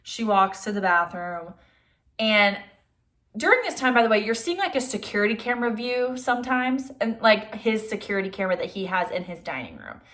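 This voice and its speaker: Young woman, casual movie recap, chatty, filler-heavy, mid-pitched voice. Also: sing-song, a bit bright. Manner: chatty, says "like" a lot; acts out characters' lines in quick voices. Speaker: movie reviewer.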